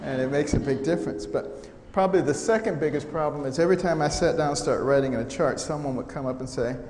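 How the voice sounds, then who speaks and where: A middle-aged American man giving a storytelling talk to an audience, humorous and animated, often acting out the voices of the people he quotes. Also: on the high side, quick pace. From United States. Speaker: speaker giving a testimony talk. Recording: echoey hall sound with faint noise.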